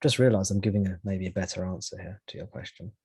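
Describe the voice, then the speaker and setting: Man, low voice, spiritual teacher, satsang talk, reflective, thinks aloud, restarts, dry sound. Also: fairly even intonation, quick pace, darkish tone, husky, dry recording.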